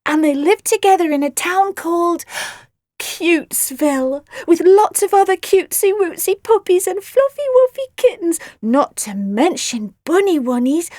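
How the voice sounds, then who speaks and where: A bubbly young girl coos in sing-song baby talk, as a woman reading aloud puts her on, her voice bouncing high and lively. The sound is dry and close. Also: moderate pace, dry recording. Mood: cooing. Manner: cooing, gushing baby talk. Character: cheerful young girl monster-sitter, gushing.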